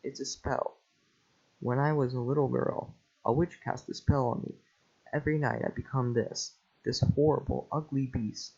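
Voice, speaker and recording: A man's voice: mid-range voice, steady tone, moderate pace, gravelly, darkish tone, slightly rough. A man reading a cursed princess. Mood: earnest. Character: young princess under a curse, earnest. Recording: lo-fi home mic.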